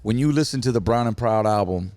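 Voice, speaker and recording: A man hosting a podcast who reminisces in a lively, hyped-up way and speaks straight to the viewers. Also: fairly low pitch, fairly quick, no room sound. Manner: animated, hype, talks to viewers. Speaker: podcast host. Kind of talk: casual podcast chat.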